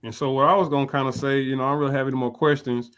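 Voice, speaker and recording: A man's voice: mid-range voice, little pitch movement, rapid-fire, a bit bright, clear, resonant tone. A man hosting a casual sports interview, laid-back and full of slang as he gives advice. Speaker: host.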